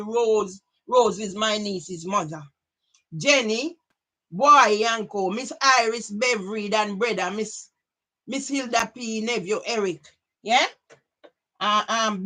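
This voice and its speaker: A middle-aged Jamaican woman vlogger delivers a rambling personal monologue, sliding between English and patois in a Jamaican accent. Her medium-pitched voice is bright and forceful.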